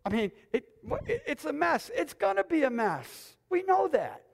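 Man, preacher, very high voice, gravelly, excited near-yelling sermon, long church reverb. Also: moderate pace. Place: church sanctuary with congregation.

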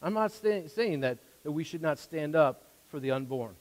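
A man preaching a sermon as a pastor, earnest, repeating words as his volume swings from soft to loud. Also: fairly high pitch, lively intonation, moderate pace, big-room sound, rough recording.

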